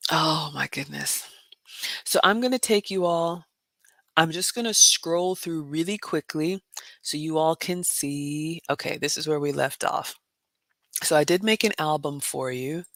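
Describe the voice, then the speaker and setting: A woman hosting a casual livestream, reading viewer comments and telling a story with loud exclamations and hushed asides. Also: low voice, dry recording. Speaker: livestream host.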